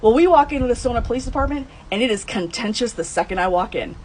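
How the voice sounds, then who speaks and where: Woman, blunt heated storyteller, swears, high voice, faint ambience behind. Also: expressive, fast, darkish tone, a little hiss or hum, rough recording. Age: adult, over 30. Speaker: true crime vlogger telling her mother's case. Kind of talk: emotional first-person storytelling.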